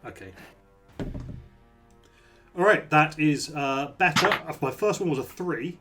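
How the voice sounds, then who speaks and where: Man, player, higher pitch, very lively intonation, eager restarts, faint music. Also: a little slow. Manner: eager, animated, restarts often. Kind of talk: tabletop game chat.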